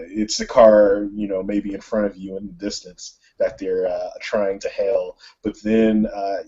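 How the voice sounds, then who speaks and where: Man, game master, low gravelly voice, halting, many fillers, dull lo-fi sound. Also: warm tone. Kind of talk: narrating a tabletop role-playing game.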